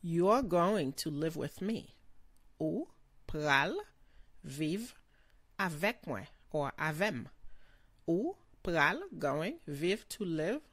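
A woman giving a slow vocabulary lesson, pronouncing each word carefully and repeating it. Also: deep voice, animated, no echo. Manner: slow, careful pronunciation with repetitions. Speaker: language teacher.

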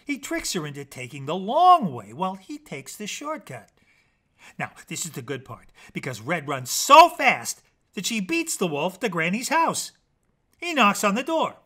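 A man's voice: high-pitched, wildly swooping pitch, unhurried, bright, forceful tone, exaggerated voice. A man voicing an eager, boastful male storyteller character who rambles on, hyping up his own tale. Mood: excited. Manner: eager, rambling, breathless hype.

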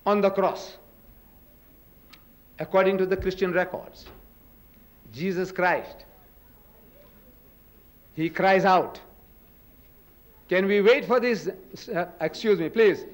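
An older man giving a religious lecture at a podium in a hall, dramatic, with booming quotes and rhetorical questions. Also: takes it slowly, long pauses.

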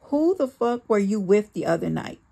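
A woman reading aloud, voicing a volatile, abusive male partner who swings between shouting curses and pleading. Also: medium pitch, sing-song, normal speed, gravelly. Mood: furious.

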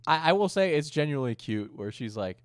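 A man's voice: a little high, very animated, fairly quick, no room sound, clean studio sound. A young man hosting a casual podcast chat, rambling and joking crudely. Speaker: streamer and host.

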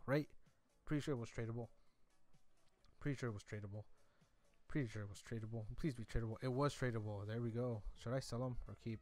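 A man's voice: mid-range voice, fast talker, a little mellow, no room sound, faint music behind. A young man giving rambling casual commentary while opening game card packs, repeating himself with mock-defensive asides. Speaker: gaming YouTuber.

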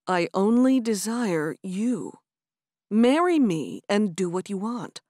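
A woman reading the part of a smitten young man in an audiobook, speaking softly and tenderly. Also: medium pitch, big pitch swings, takes it slowly, dry recording, studio quality. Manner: soft, tender, pleading.

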